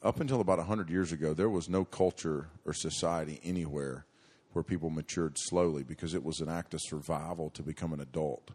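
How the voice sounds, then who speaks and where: A man's voice: rumbling low, brisk, a little mellow, breathy edge. A middle-aged man preaching to young people, telling a story in a folksy, rambling way with many restarts and fillers.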